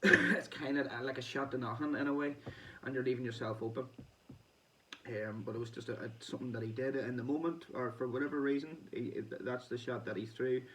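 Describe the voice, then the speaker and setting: A man with a Northern Irish accent rambles through a casual diary-style vlog, chatty and quick to laugh. His voice sits at an ordinary middle pitch and comes from a little way off the mic. A faint hiss of background noise runs under it. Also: fairly even intonation, a bit bright, recorded from a distance, poor audio. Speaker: boxing vlogger.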